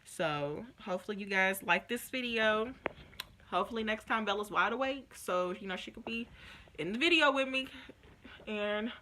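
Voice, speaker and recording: A woman's voice: medium pitch, moderate pace, a little hiss or hum. A young woman vlogger telling a personal story in a casual, emotional way, acting out what others said. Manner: emotional, animated retelling with quoted voices.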